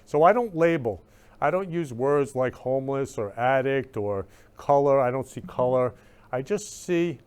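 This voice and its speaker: A man's voice: mid-range voice, expressive, a little slow, a little mellow, clear, resonant tone. A male talk-show host in live-stream chat, effusive and emotional, repeating loving greetings over and over. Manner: emotional, gushing.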